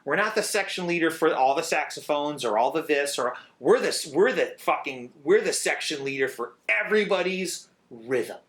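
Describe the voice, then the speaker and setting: A middle-aged man, a drummer, talking in a casual interview, animated and swearing freely as he sings out rhythms. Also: fairly high pitch, normal speed, hardly any pauses.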